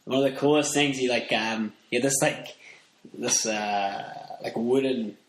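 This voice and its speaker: A man's voice: medium pitch, unhurried. A Northern Irish man chatting casually as a podcast guest, rambling with lots of fillers and restarts. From Ireland. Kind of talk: casual chat. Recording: roomy echo, faint background noise.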